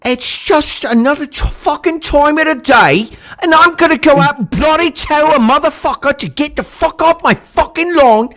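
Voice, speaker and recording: A man's voice: extremely high pitch, moderate pace, few pauses, pitched above the performer's own voice. A man putting on the voice of a foul-mouthed, rowdy Southern redneck man. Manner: loud, swaggering, cussing.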